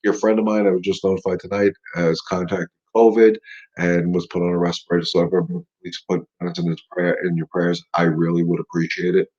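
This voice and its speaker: A man's voice: deep voice, flat delivery, fairly quick, a little mellow, lo-fi sound. A middle-aged man hosting a live dog-training Q&A, talking casually and emphatically, repeating his points as he coaches. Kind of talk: casual live-stream talk.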